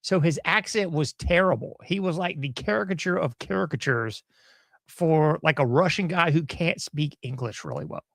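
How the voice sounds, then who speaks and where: A man's voice: fairly high pitch, moderate pace, creaky, no echo, studio quality. A man hosting a podcast, giving a rambling, sarcastic commentary monologue with mocking asides. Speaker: podcast host.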